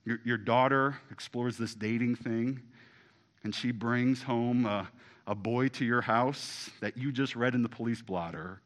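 Bright-voiced male pastor preaching. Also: fairly even intonation, a little slow. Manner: repeats words when starting, swings from low to sudden shouts. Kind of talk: sermon.

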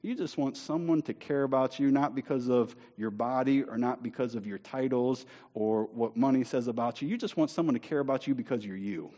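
A man preaching a sermon in a church, speaking emphatically and slowing down to stress key words. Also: medium pitch. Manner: emphatic, rising to near-shouting on scripture. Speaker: pastor. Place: church sanctuary.

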